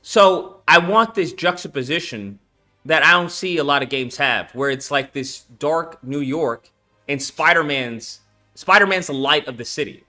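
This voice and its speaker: A young man chatting casually on a stream about his game project, slangy and animated, with lots of swearing and fillers. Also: a little high. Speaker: game developer and channel host. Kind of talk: casual livestream chat.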